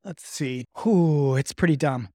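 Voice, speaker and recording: A game master narrating a tabletop game in a playful manner, often laughing. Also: male voice, a little high, a little slow, darkish tone, dry recording, studio quality.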